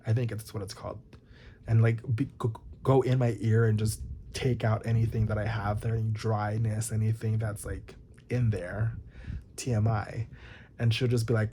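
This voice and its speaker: A man's voice: lowish voice, level tone, normal speed, a little mellow, slight background noise. A young man chatting casually to his viewers, rambling and swearing, with lots of "like". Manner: rambling, swears often, many likes. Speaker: vlogger. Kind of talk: casual chat to camera.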